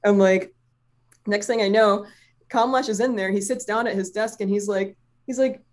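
A woman's voice: mid-range voice, moderate pace. A chatty woman tells a personal story in casual conversation. She rambles, leans on fillers, and swears freely. She laughs easily as she talks. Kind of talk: casual chat.

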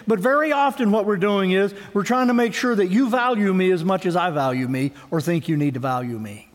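A male pastor preaching a sermon, animated in his storytelling, swinging from lively to hushed. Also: extremely high pitch, long reverb tail. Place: church with a congregation.

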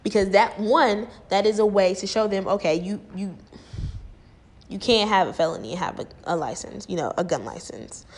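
A young woman ranting and gossiping to her viewers in a blunt, profane, animated way. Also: medium pitch, normal speed, slightly rough. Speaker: vlogger. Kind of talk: casual rant and gossip.

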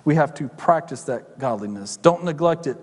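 A man's voice: a little high, lively intonation, normal speed, husky. A middle-aged male pastor preaching a sermon, conversational, with joking asides to the congregation. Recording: long hall reverb.

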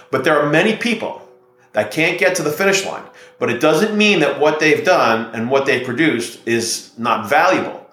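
A man's voice: fairly high pitch, expressive, normal speed, a bit bright, reverberant. A middle-aged man, a real estate investor and podcast guest, talking in a confident, persuasive way. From United States. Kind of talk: podcast interview storytelling.

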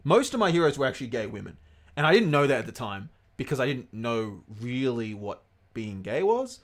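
A man in his thirties co-hosting a podcast, chatting casually and telling animated stories, swearing freely. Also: medium pitch, brisk. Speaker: podcast co-host. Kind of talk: casual chat.

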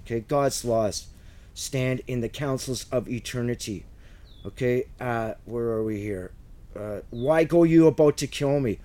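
A man preaches through scripture in an earnest, conversational way at an ordinary pitch. His fervor runs high, and at times emotion chokes his voice. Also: a little slow, mellow. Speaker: Bible teacher. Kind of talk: verse-by-verse Bible study preaching.

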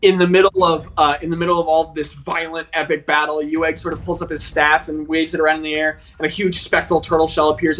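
A game master narrating a tabletop fight with lively, chatty energy. The voice sits at a middle pitch and tumbles through the action description with casual fillers and asides. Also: fast, hardly any pauses, a little hiss or hum.

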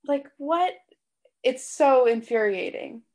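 A woman's voice: high-pitched, animated, slow, darkish tone. Woman explaining like an insider. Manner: knowledgeable, explains at length with little laughs. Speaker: podcast guest. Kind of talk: casual chat.

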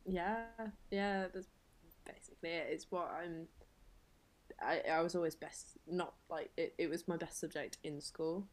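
Low-voiced young woman, chatty guest. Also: steady tone, a little slow. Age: young adult. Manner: chatty, self-deprecating, laughs often. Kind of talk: casual podcast chat.

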